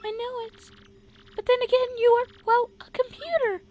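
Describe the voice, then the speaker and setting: A woman's voice: very high-pitched, fairly even intonation, moderate pace, darkish tone, slight background noise. A woman voicing a sweet, dreamy young princess in a game, speaking wistfully. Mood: flustered.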